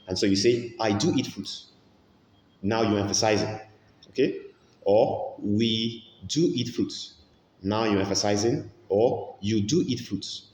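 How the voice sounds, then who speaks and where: A man teaching an English grammar lesson in an unhurried, deliberate way, going over every example again and again. His voice sits a little low. The recording is roomy, with a long reverb tail and faint ambience behind it. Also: a little mellow, a little hiss or hum. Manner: slow, patient, repeats each example.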